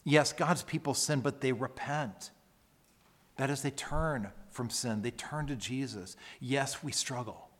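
Male pastor, emphatic sermon delivery, slow measured pace, long church reverb. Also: medium pitch. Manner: earnest, emphatic preaching with repeated phrases.

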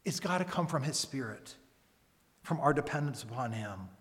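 A man's voice: mid-range voice, expressive, moderate pace. Earnest man preaching in a reverberant hall. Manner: earnest, emphatic preaching with rhetorical questions. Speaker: pastor. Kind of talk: sermon. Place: church service.

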